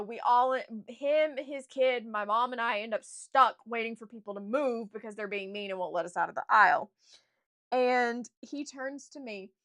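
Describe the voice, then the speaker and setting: A young woman author chatting casually to her stream viewers, telling an animated, gushing story with restarts. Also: a little high. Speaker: author streaming a writing session.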